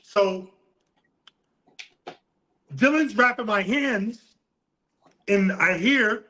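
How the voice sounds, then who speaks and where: A man's voice: high-pitched, very slow, rough recording. A middle-aged man from New City, a boxing coach telling a story with laughs and swearing in a casual interview. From New York City. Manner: animated, laughing, profane storyteller.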